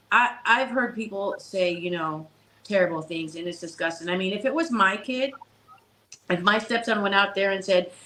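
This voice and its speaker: A woman's voice: medium pitch, pushed and bright, slight background noise, poor audio. A woman hosting a casual chat, talkative, often stumbling over repeated starts. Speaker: host.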